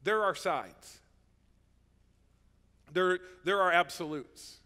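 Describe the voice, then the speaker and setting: A man's voice: high voice, takes it slowly, bright, forceful tone, long reverb tail. A man preaching a sermon as pastor, in a conversational way that keeps checking in with the listeners. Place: church sanctuary.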